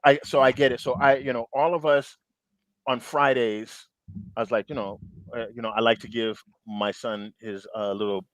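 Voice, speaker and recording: A middle-aged man, talking in an earnest casual chat as co-host, with stammering restarts and drawn-out emphasis. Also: mid-range voice, steady tone, no echo. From Jamaica.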